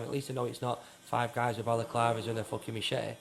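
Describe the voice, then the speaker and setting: A man's voice: medium pitch, little pitch movement, fast talker, gravelly, few pauses, slight background noise. A man, a neighbourhood patrol founder, talking bluntly and swearing in a casual interview. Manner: blunt, sweary, repeats himself, acts out quotes.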